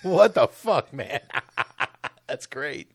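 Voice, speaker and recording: Slow-talking male co-host, gravelly and wildly swooping; profane and giggly. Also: on the high side, animated, no echo. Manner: profane, giggly, doing silly voices. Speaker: radio co-host. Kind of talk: crude comedic talk radio banter.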